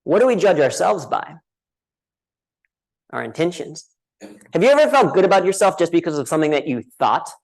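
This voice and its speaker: An American man gives a humorous keynote in a conference hall, telling the live audience a self-deprecating story and frequently asking "right?" His gravelly voice is fairly high and fairly quick, with big pitch swings and frequent pauses. The recording quality is low.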